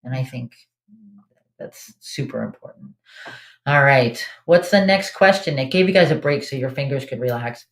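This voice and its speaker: A woman's voice: a bass voice, lively intonation, normal speed. A woman hosting a live online trivia game in a casual, chatty way, reading out answer options and laughing often. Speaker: trivia host.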